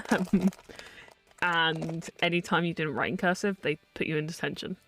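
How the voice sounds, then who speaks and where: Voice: mid-range voice, fairly even intonation, a little slow, a bit bright, soft background music. A streamer in their twenties, chatting casually on a live stream in a rambling, filler-heavy way with frequent laughs.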